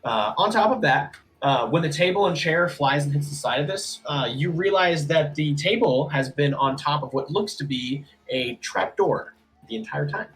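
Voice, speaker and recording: A man's voice: fairly high pitch, animated, normal speed, few pauses, a bit bright, faint music behind, low-quality recording. A man narrating as game master, casual, with many fillers.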